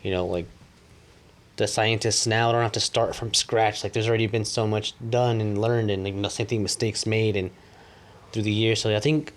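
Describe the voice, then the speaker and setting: A man's voice: fairly low pitch, steady tone, moderate pace. A man co-hosting a casual podcast chat, rambling with lots of "like" and casual swearing. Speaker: podcast co-host.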